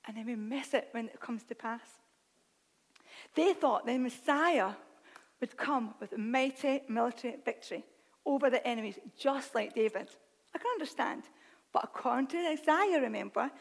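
A woman preacher with a high voice delivers a lively sermon, moving between scripture reading and chatty asides where she laughs at herself. Her voice rings out with a long reverberant tail from the hall.

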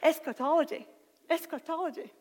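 A woman preaching a sermon, reading scripture aloud with animated, self-deprecating asides. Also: sits high, a little fast. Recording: long hall reverb.

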